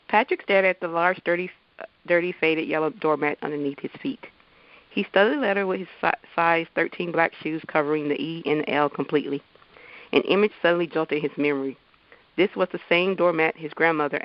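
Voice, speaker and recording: A woman, an author and teacher, introduces herself and reads from her novel with a halting delivery full of restarts. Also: low voice, dry recording. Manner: halting, with many fillers and restarts. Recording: dull lo-fi dry sound.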